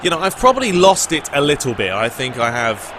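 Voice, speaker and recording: A young British man, a gaming YouTuber, answering viewer questions in a relaxed, rambling chat. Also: on the high side, brisk, noisy background. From Britain. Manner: relaxed, rambling, lots of "you know" and "uh". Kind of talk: casual Q&A chat.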